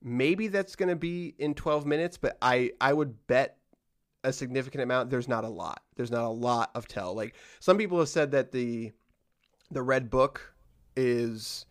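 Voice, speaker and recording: A man hosting a casual podcast chat at a mid-range pitch. He rambles along, restarting sentences and letting his asides trail off into a low mumble. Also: a little slow. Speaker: podcast host.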